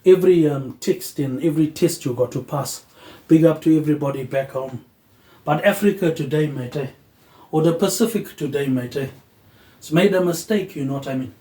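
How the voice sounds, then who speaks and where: A man rambles through a philosophical monologue in a mellow, fairly high voice. He tacks a soft, dropped tag word onto almost every phrase. The sound comes from an echoey room. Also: moderate pace. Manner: loose, drifting train of thought. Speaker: host.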